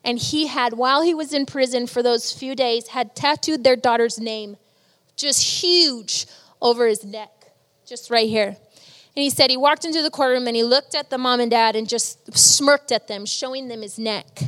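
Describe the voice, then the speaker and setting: A woman's voice: on the high side, moderate pace, a bit bright, in a large hall. A woman preaching a sermon, telling stories earnestly and with emotion.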